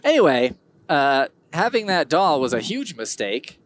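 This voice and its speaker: Lively, rambling male podcast host. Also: on the high side, measured pace, no echo. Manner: rambling, digressive, wry humor. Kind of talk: casual solo podcast monologue.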